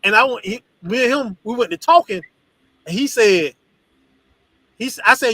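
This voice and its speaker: A man teaching a congregation in an animated, profane, storytelling preaching style. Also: very high voice, normal speed, long pauses, dry recording, poor audio. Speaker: religious teacher.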